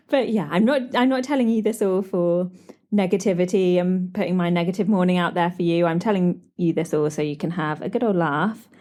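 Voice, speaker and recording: A woman's voice: fairly low pitch, fairly quick, mellow. A young British woman hosting a podcast, telling stories in a chatty way, laughing often and acting out the people she quotes. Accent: British English. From Britain. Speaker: podcast host. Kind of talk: chatty solo podcast storytelling.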